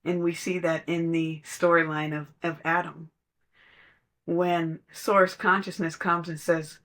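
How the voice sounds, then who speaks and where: A podcast speaker at an ordinary, middle pitch, talking through spiritual ideas in a casual way. The delivery is conversational and drifts into storytelling, with laughs now and then. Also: flat delivery, slow pace, a bit bright.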